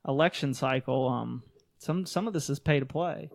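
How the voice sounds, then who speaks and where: A man's voice: medium pitch, moderate pace, vocal fry. A man co-hosting a podcast, talking in a loose, rambling and profane way with frequent restarts. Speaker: podcast co-host. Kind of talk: casual chat.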